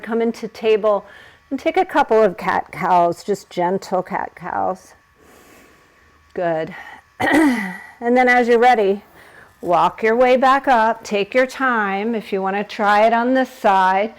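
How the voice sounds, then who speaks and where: Slow-spoken woman guiding a yoga class. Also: fairly high pitch, poor audio. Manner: encouraging, laughs at herself while holding poses. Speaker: yoga instructor. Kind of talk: guided yoga class instruction.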